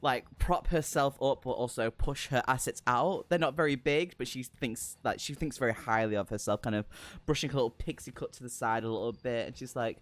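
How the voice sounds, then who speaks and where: A man running a tabletop game as game master, narrating in a relaxed, rambling way. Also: mid-range voice, brisk, few pauses, soft background music. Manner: relaxed, many fillers and restarts.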